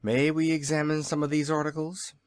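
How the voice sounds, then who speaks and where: A man's voice: a little high, level tone, brisk, clean tone, no room sound, clean studio sound, pitched above the performer's own voice, close to an everyday voice. A man voicing a small, curious male wizard in a storybook reading, with a wry, inquisitive manner.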